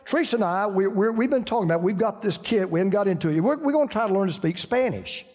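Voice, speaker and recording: A man's voice: sits high, expressive, fast, a little mellow, in a large hall. An older man with a Southern US accent, preaching a folksy sermon full of stories and restarts. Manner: folksy, storytelling, frequent restarts. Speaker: pastor.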